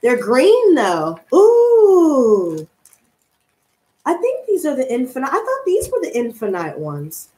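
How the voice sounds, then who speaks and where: A woman in her twenties talks bluntly and heatedly to her livestream, swearing freely. Her voice sits high and swings widely in pitch. The sound carries a roomy echo. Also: huge pitch swings, moderate pace, hardly any pauses, darkish tone. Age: 20s. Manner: blunt, profane and heated, ranting and laughing. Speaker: tarot reader and streamer. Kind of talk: casual livestream chat.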